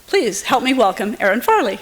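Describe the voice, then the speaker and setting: A woman presenting at an awards event, reading her introduction in a steady, prepared way. Her voice sits a little high. Her words echo with the long reverb of a large hall. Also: fairly quick, crowd noise, background noise.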